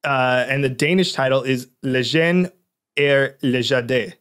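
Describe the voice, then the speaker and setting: A man's voice: medium pitch, slow, fairly bright tone, clear, resonant tone. A man co-hosting a podcast, chatting casually and enthusiastically, rambling with restarts. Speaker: podcast co-host. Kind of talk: casual chat.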